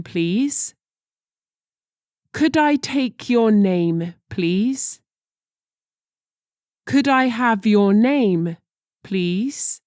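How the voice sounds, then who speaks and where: Slow, careful woman reading phrases. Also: a little high, mellow, no echo, studio quality. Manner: slow and deliberate, careful pronunciation. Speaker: language teacher.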